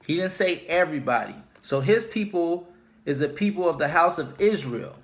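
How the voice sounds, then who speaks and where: A man teaching scripture informally, speaking deliberately and repeating his key points for emphasis. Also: on the high side, lively intonation. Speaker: religious teacher.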